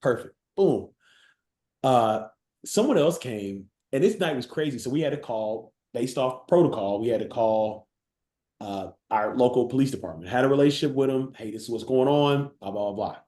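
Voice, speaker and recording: Male podcast guest, lively storyteller, very expressive pitch, roomy echo. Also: moderate pace. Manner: animated, acts out quotes, laughs often. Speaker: guest, college football player developer.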